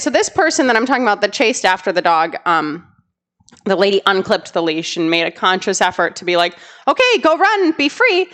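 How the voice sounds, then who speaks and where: Woman podcast co-host, somewhat high voice, animated and exasperated storyteller. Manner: animated storytelling, exasperated about careless dog owners. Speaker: podcast co-host, dog trainer. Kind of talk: casual podcast chat.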